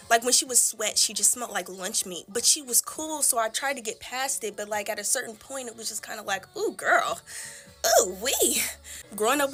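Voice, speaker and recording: A young woman talks bluntly in a casual get-ready-with-me chat, her voice bright and forceful and set a little high. She swings freely from wry asides into loud, animated bursts. Faint music plays behind her. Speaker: beauty vlogger.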